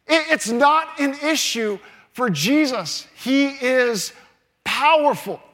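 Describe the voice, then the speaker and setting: A male pastor, likely in his thirties, preaching a sermon, swinging between hushed moments and loud repeated declarations. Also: extremely high pitch, lively intonation, slow pace. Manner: builds from hushed to loud, repeats phrases for emphasis.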